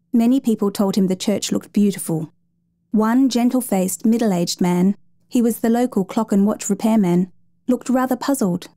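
A woman reading a story aloud in a measured, gentle storytelling manner. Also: mid-range voice, no room sound. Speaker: narrator. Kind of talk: scripted story narration.

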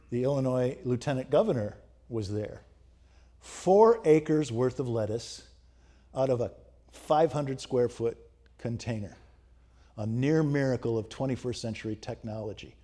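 A man's voice: medium pitch, animated, unhurried, dark tone. A man preaching a sermon, emphatic and rhetorical, asking the congregation questions. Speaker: pastor.

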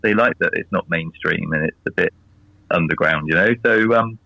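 A man's voice: low-pitched, moderate pace, gravelly, bright, forceful tone, no echo, muffled recording. An English man chatting casually as a guest, rambling and laughing at his own jokes. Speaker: guest on a video call. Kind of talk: casual chat.

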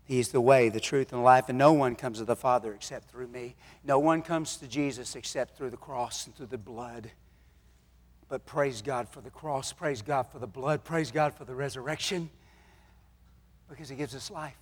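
A man preaching a sermon, telling folksy stories and swinging between loud exhortation and hushed moments. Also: mid-range voice, normal speed. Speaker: pastor. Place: church sanctuary. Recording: long hall reverb.

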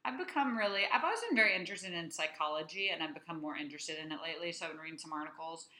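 A young adult woman co-hosting a podcast, chatting casually in an animated, playful way. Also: low voice, very fast. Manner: animated, chatty, playful echoing of her co-host. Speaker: podcast co-host. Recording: roomy echo.

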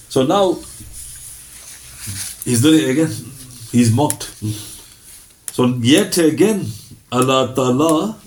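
A man's voice: mid-range voice, a little mellow. A middle-aged man teaching Islamic history in a lecture, who reads out lists of references steadily and acts out small exchanges of dialogue. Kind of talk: recorded religious lecture with Quran recitation.

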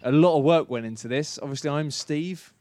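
A man's voice: fairly high pitch, a little mellow. A man co-hosting a live podcast on stage, teasing the others and laughing often. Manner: giggly, teasing, quick to laugh. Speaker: podcast co-host. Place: live stage show before an audience.

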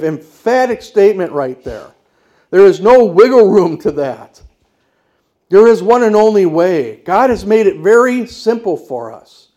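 A male pastor delivering a sermon in a fairly high voice. He speaks in firm, declarative statements and puts rhetorical questions to his congregation. His delivery is emphatic and insistent. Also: warm tone.

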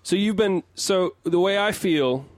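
A man's voice: high voice, unhurried, no room sound. A man co-hosting a music podcast, rambling through his analysis in casual chat, often restarting sentences as he builds his point. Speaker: podcast co-host and resident song analyst.

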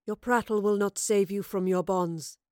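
A woman voicing a proud warrior queen who speaks slowly and commandingly. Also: mid-range voice, fairly even intonation, warm tone, no room sound, clean studio sound, lightly acted. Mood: menacing.

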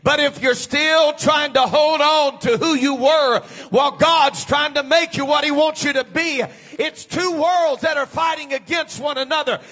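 A man preaching a sermon, moving from quiet teaching to shouted, fervent preaching. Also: very high-pitched, steady tone, measured pace.

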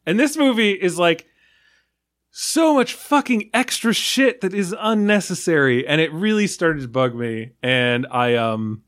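Animated, high-voiced man ranting. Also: measured pace. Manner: animated, swearing, rambling rants. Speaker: film podcast panelist. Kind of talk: casual film discussion.

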